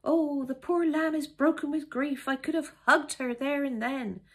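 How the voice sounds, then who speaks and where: A woman's voice: sits high, fairly even intonation, normal speed, pitched above the performer's own voice, natural voice. A woman reading aloud, voicing a young, fretful, gossipy housemaid in a story. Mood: sympathetic.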